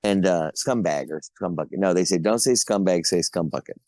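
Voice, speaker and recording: A man's voice: low voice, brisk, a little mellow, no room sound. A middle-aged man telling long, rambling stories as a guest on a casual podcast. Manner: rambling storyteller, laughs between stories. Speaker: guest actor.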